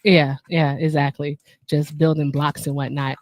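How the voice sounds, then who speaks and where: A woman's voice: deep voice, flat delivery, measured pace, a little mellow, no echo. A woman hosting a casual livestream, chatty and playful with a teasing manner. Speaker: livestream host.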